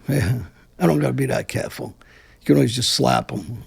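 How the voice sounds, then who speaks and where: This former mob figure from Brooklyn, New York, swears often and answers in a blunt, combative way during a relaxed interview. He speaks at normal speed in a medium-pitched voice that is creaky and a bit rough.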